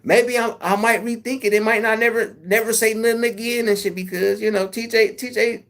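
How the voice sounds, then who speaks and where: A man talks loosely to his live chat, answering viewers by name. His voice stays easygoing and unhurried, peppered with curses and easy laughter. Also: sits high, steady tone, fairly bright tone. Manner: laid-back, swearing, laughs often. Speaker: YouTube livestream host.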